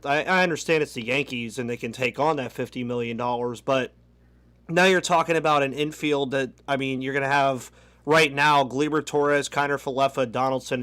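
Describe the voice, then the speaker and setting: A man co-hosting a sports podcast, talking in a measured, questioning way. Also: mid-range voice, fairly bright tone. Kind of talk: casual sports podcast chat.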